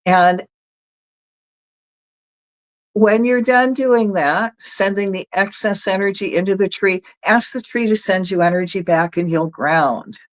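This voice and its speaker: Southern lady talking folks through energy work, chatty, middle pitch. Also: normal speed, hardly any pauses, low-quality recording. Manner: chatty, folksy, talks viewers through steps. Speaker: energy healer. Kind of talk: guided energy work session.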